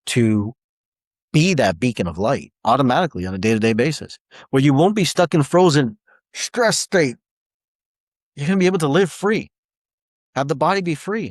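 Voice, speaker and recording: A man in his forties giving a rambling, animated motivational talk as a self-help speaker, with many restarts. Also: medium pitch, dry recording, studio quality. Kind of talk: motivational monologue.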